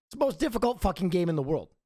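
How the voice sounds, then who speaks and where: A man's voice: high-pitched, big pitch swings, rapid-fire, dark tone, dry recording, studio quality. A man streamer giving a profane, emphatic commentary rant in a conversational way.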